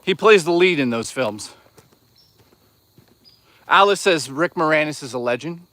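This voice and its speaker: A man's voice: fairly high pitch, expressive, a little slow, bright, forceful tone, no room sound. A man hosting a casual livestream outdoors on a hike, rambling and swearing as he chats with viewers. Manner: rambling, profane, chatty with viewers. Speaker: livestream host.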